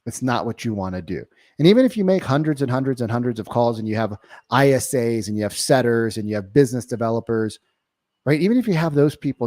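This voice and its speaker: Guy coaching real estate agents on cold calls, mid pitch, punchy, keeps going "right?", dry close sound. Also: darkish tone, no room sound. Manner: emphatic, keeps checking in with "right?". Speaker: real estate sales trainer. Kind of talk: coaching monologue.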